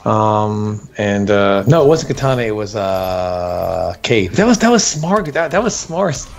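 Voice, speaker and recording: His lowish, creaky voice moves at an unhurried pace. Chatting as a co-host, he relays tournament tales in an animated way, laughing and acting out what people said.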